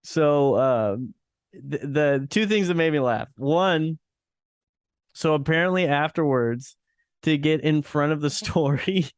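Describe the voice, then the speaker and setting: Smooth-voiced man, dry close mic. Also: fairly high pitch, slow pace, dry recording. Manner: chuckling, swears freely, trips over restarts. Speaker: podcast co-host. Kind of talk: casual comedic chat.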